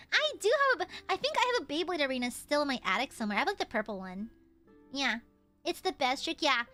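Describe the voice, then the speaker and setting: Young woman streaming, high voice, teasing and goofy, bit of music in the back. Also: very animated, a little fast, long pauses, pushed and bright. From United States. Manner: playful, teasing, goofy exaggeration. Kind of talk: casual chat with viewers.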